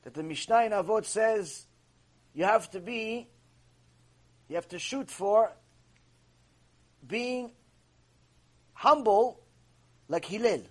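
Husky, high-voiced rabbi lecturing. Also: male voice, slow pace, pauses often. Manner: emphatic, repeats phrases for stress. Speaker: rabbi teaching a Torah class. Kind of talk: religious lecture.

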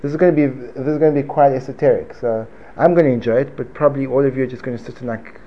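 A man leads an informal Torah class for a live room, joking, wandering off topic, and often repeating himself. His voice is medium-pitched with a quick pace. The lo-fi recording sounds dull, with faint room noise.

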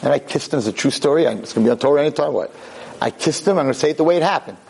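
A man, a rabbi, telling a story to an audience in an animated, wry way, often breaking off and restarting. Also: fairly high pitch, rapid-fire, gravelly, breathy edge, poor audio. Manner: animated, self-interrupting, wry.

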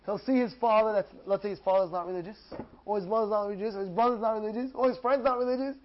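A man giving an animated Torah class as a rabbi, acting out dialogues and repeating phrases with mounting excitement. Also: high voice, very fast, lo-fi sound, a little hiss or hum. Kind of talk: animated sermon.

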